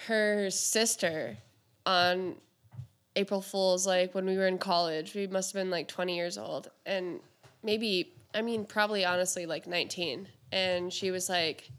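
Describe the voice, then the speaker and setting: A woman's voice: fairly low pitch, fairly even intonation, unhurried, a bit bright. A woman in casual chat, blunt and teasing, who swears freely.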